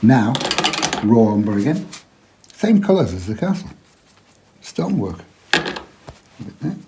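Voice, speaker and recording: A man giving a relaxed watercolour painting lesson, chatty and quiet, often dropping to a murmur as he works. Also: medium pitch, a little slow, creaky, noisy background. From England. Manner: quiet, chatty, drops to a murmur while working.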